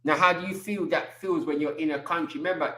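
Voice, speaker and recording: Animated man with street slang. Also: a little high, quick pace, roomy sound. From England. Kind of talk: casual chat.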